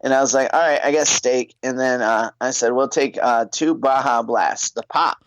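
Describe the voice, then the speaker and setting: A man's voice: mid-range voice, moderate pace, dry recording, rough recording. A middle-aged man co-hosting a podcast, telling casual stories and laughing often. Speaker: podcast co-host. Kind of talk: casual storytelling chat.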